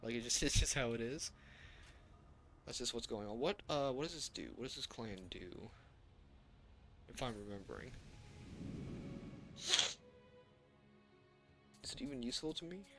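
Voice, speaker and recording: A man's voice: mid-range voice, expressive, unhurried, pauses often, bright, forceful tone. Male streamer, casual rambling game commentary, self-correcting, faint music underneath.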